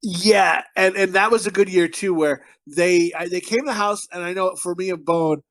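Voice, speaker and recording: A man's voice: high-pitched, steady tone, moderate pace, a bit bright, no room sound. A man from Connecticut hosting a podcast in casual, profane, rambling banter. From Connecticut, USA. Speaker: podcast host.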